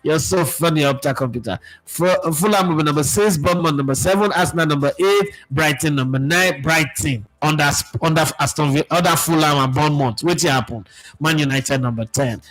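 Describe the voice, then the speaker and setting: A Nigerian sports radio presenter speaking in a casual, animated monologue, mixing in pidgin phrases as he reflects. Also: fairly high pitch, a little fast, poor audio.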